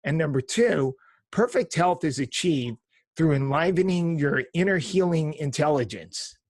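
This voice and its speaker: 50s male podcast host, a touch high-pitched, dry sound, formal intro read with fillers. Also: animated, measured pace, dry recording. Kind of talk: interview podcast.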